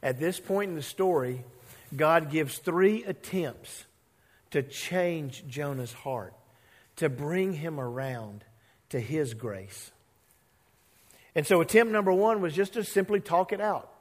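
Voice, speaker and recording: Animated male pastor preaching a sermon. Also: on the high side, slow, in a large hall. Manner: conversational, acts out voices of Bible characters; animated, playful with the congregation.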